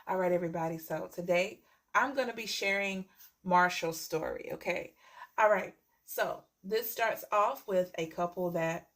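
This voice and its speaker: A woman's voice: lowish voice, normal speed, a bit bright. Woman, tarot reader, chatty storytelling, repeats phrases, checks in with viewers.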